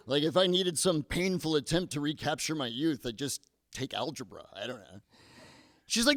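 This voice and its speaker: Animated self-deprecating stand-up comedian man. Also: on the high side, moderate pace, dry recording. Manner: self-deprecating, stammers into punchlines. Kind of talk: stand-up set. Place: comedy club stage.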